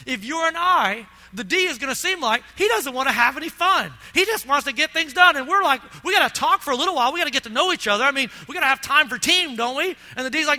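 A man's voice: very high-pitched, bright, forceful tone. A middle-aged man preaching a sermon to his congregation, telling stories animatedly and often checking in with "all right?". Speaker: pastor. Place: church sanctuary. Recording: long reverb of a church hall.

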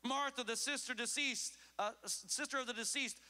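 A man preaching a sermon as pastor, emphatic, swinging between loud urgent calls and low hushed asides. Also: moderate pace. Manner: emphatic preaching with sweeping pitch swings and acted quotes. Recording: long hall reverb.

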